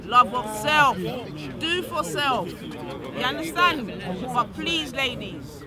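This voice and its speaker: A man's voice: extremely high pitch, lively intonation, slow. A man talking casually to an outdoor crowd, full of street slang and "you get me" tags.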